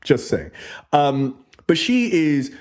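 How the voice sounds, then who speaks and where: A man's voice: a little high, very animated, takes it slowly, darkish tone. Chatty man hosting a movie review. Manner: chatty, loose, many fillers. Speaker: podcast host. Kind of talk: casual movie review monologue.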